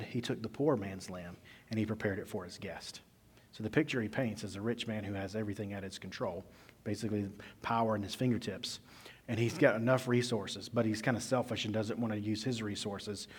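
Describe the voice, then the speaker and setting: A male pastor preaching a sermon in a conversational storytelling manner, swinging between loud emphasis and quiet asides, recorded in an echoey church hall. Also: fairly low pitch, slightly rough.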